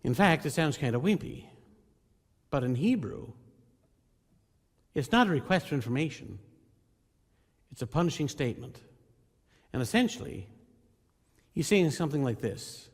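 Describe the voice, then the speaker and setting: A male pastor delivers a sermon with earnest emphasis, speaking to his congregation directly. His voice sits somewhat high for a man. It rings with a long reverb through the church sanctuary. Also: expressive, moderate pace, long pauses.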